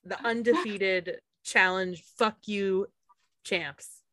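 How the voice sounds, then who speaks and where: A woman's voice: mid-range voice, steady tone, takes it slowly, bright, forceful tone, dry recording. A woman hosting a podcast interview, enthusiastic and swearing casually. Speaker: podcast host.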